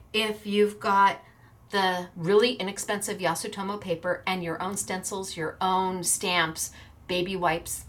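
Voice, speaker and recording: A woman hosting a chatty craft video, bubbly and excited, often breaking into laughter. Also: mid-range voice. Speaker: craft shop owner and video host.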